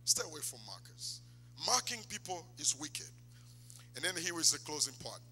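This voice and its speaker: A man preaches, his high, very bright voice cutting through a church sanctuary. He moves between fervent, near-shouted exhortation and low, confiding asides. A long hall reverb trails each phrase. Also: big pitch swings, moderate pace, slight background noise. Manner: impassioned, swings from loud exhortation to low asides. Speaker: pastor. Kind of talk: sermon.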